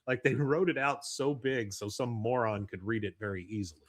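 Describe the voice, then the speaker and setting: A man hosting a podcast, casually recapping an episode in an animated way and often chuckling. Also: medium pitch, fairly quick, no echo. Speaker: podcast host.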